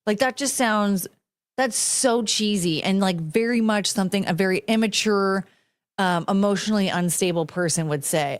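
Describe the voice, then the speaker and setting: A young woman talks straight to her audience in a loose, ranting podcast chat. Her voice sits at an ordinary middle pitch, and her delivery is blunt, sarcastic and laced with swearing. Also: normal speed. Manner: blunt and sarcastic, swears freely, laughs often. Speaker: podcast host. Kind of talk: solo casual chat, ranting to a camera.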